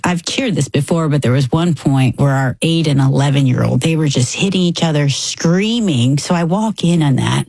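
A middle-aged woman telling a family story about her sons in a casual chat, animated as she tells it. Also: low voice, normal speed, creaky, hardly any pauses, dry recording. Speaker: podcast co-host.

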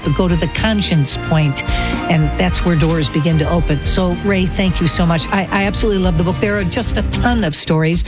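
Enthusiastic radio host over music. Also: mid-range voice. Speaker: radio talk show host. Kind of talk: conversational radio interview.

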